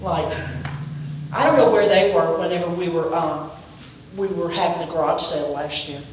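Animated woman preaching in an echoey church. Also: on the low side, moderate pace, a little hiss or hum. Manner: animated, preachy, asks the congregation questions. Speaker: pastor. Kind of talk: sermon. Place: church sanctuary. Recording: echoey room, voice from a distance.

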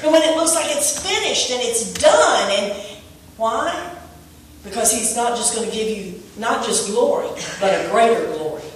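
A woman preaching a sermon in church, telling a story and rising to shouts on key points. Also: fairly high pitch, animated, normal speed, a little hiss or hum. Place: church sanctuary. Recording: echoey room from far off.

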